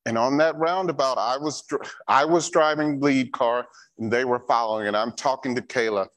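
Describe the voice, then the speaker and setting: A man's voice: mid-range voice, normal speed, a bit bright. A man giving a church safety training talk, repeating key instructions and telling a personal story.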